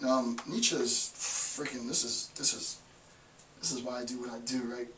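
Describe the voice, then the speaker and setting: A man giving an informal philosophy lecture, emphatic and forceful, often checking in with "right?". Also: mid-range voice, steady tone, moderate pace, slight background noise. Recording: echoey room, voice from far off.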